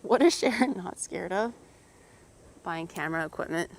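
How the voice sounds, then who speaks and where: A woman's voice: lowish voice, animated, moderate pace. A woman streamer in casual chat, teasing and swearing freely and laughing often.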